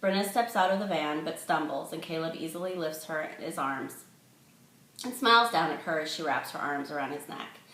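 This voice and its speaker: A woman's voice: deep voice, fairly quick, pushed and bright. A woman reading her own novel aloud, giving each character a voice. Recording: echoey room.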